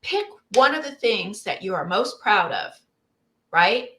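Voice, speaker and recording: A woman's voice: medium pitch, big pitch swings, a little slow, bright, forceful tone. A woman co-hosting a casual podcast chat, giving business advice in an emphatic coaching tone. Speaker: co-host. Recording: roomy echo.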